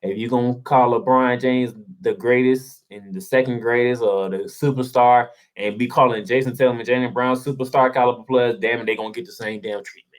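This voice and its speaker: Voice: mid-range voice, steady tone, a little fast, few pauses. A sports show host delivering a heated solo rant, sarcastic and casual, firing off rhetorical questions and repeating points for emphasis.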